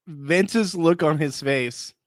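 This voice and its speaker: Close to the mic with no room sound, a man with a slightly high voice greets viewers on his live reality show reaction stream. He keeps things casual and laughs a lot.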